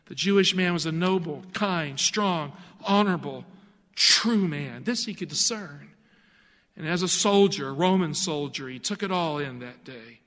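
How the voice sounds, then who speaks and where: Male preacher, high-pitched, earnest and emphatic, sermon in a reverberant hall. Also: unhurried, fairly bright tone.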